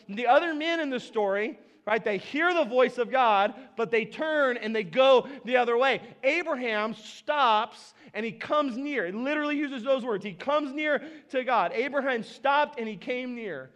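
A man's voice: very high voice, normal speed, few pauses, a bit bright. A man preaching a sermon in a conversational way, acting out the scripture dialogue with playful asides. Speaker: pastor.

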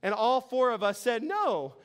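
A man's voice: high-pitched, normal speed, a bit bright, smooth. A middle-aged man, preaching a sermon in an earnest, conversational way and telling stories. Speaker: pastor.

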